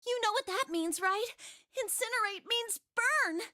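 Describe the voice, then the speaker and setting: A man voicing a brash, impatient young woman in a game playthrough, shrill and sharp. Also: measured pace, no room sound, studio quality, heavily acted. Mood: exasperated.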